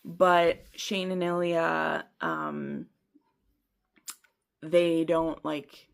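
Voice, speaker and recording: Low-pitched, gravelly yet clean in tone, this book vlogger speaks very slowly but very animatedly. She rambles chattily through her reading with plenty of fillers, often laughing at herself in this casual review.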